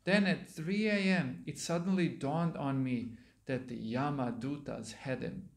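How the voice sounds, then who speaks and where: A man, a monk giving a sermon, reading a story aloud and pausing to explain words to his listeners, in a temple hall. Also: mid-range voice. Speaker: monk lecturer.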